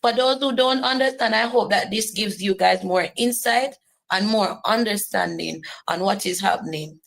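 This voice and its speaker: A woman's voice: medium pitch, normal speed, creaky, rough recording. A woman giving earnest personal testimony, driving points home by repeating phrases.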